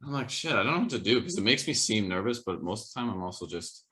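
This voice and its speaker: A man's voice: fairly low pitch, expressive, quick pace, bright, forceful tone. A young man co-hosting a podcast in casual chat, talking in a rambling, hesitant way with lots of fillers. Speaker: podcast co-host.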